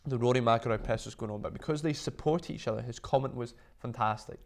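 This is a man chatting as an interview guest about his business. His voice sits at a middle pitch, and he tells stories in an animated way. He leans on filler words all the time. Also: fast talker, gravelly. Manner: animated storytelling, full of "like" fillers. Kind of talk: casual interview chat.

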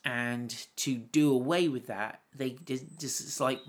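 A man's voice: mid-range voice, unhurried, few pauses. A man giving informal Bible teaching in a conversational, storytelling way, often breaking into laughs.

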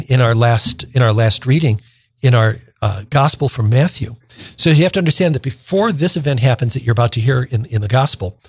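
Male deacon for a radio reflection: husky, dry close sound, casual explaining. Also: mid-range voice, dry recording. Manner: informal, plain-spoken explaining.

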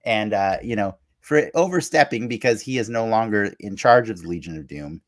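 Guy with a lowish voice rambling thru an episode recap on a podcast, lots of uh and like. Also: animated, normal speed. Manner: rambling, laughing recap with fillers and restarts. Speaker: podcast co-host. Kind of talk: casual recap chat.

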